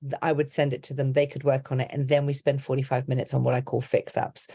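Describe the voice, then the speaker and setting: Low-voiced chatty middle-aged woman. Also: flat delivery, quick pace, dark tone, slightly rough. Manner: chatty, rambling, heavy on "you know, like". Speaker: accent and dialect coach. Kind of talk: podcast interview, explaining her methods.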